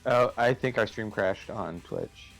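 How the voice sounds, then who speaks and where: A man's voice: on the low side, a little slow, vocal fry. Nasal young guy cracking crude jokes on a game stream, faint music behind. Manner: joking, crude banter. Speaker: co-host. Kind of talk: casual gaming stream chat.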